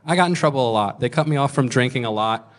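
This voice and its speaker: A man's voice: mid-range voice, fast talker. A man in his thirties doing stand-up, telling rambling self-mocking stories and swearing freely. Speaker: stand-up comedian. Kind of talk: stand-up storytelling.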